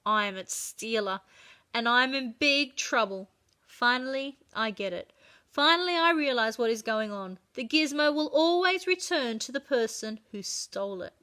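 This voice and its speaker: A woman reading a children's chapter book aloud, with expressive, dramatic storytelling. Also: a little high, moderate pace.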